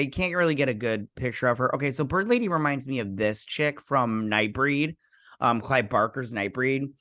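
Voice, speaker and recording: A man's voice: mid-range voice, a bit bright, no room sound, studio quality. Brief: male channel host, casual ranting review, emphatic, filler-heavy, mid-range voice. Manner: emphatic, repetitive, lots of "like". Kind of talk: casual video review rant.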